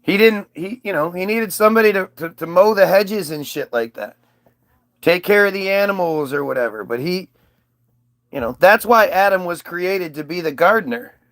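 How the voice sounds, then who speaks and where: A man's voice: high-pitched, expressive, normal speed, fairly bright tone, no room sound, studio quality. A male comedian telling a crude, rambling comic story with frequent restarts.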